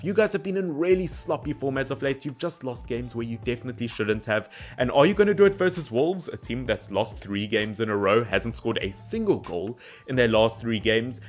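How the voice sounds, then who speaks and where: A young man talking through football predictions in a casual solo vlog, animated, and speaking straight to the teams as he goes. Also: medium pitch. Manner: animated, addresses teams directly.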